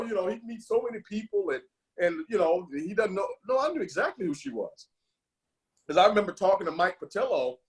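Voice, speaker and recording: A man leading a team video call, rambling with many fillers and restarts, and turning fervent and emotional. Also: on the high side. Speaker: team leader hosting a call. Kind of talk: motivational call talk.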